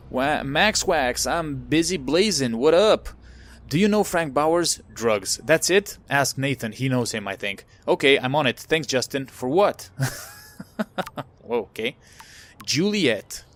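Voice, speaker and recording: A man's voice: mid-range voice, lively intonation, slow pace, fairly bright tone. Casual male gamer reading game texts. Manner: reads on-screen texts aloud with casual asides and fillers. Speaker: let's play gamer. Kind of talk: casual let's play commentary.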